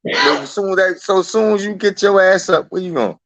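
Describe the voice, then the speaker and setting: An interview guest in a casual, profane chat, this man is animated, swears a lot, and acts out quotes in a raised voice. His voice is high, his pace moderate, and there's a little hiss or hum on the audio.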